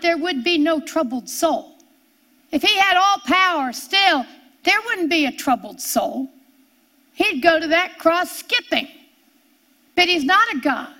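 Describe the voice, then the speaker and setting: Female Bible teacher, sermon delivery, unhurried, repeats phrases for weight, higher register. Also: bright, forceful tone. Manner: slow, emphatic, drawn-out phrasing with repeated lines. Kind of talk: sermon reading scripture.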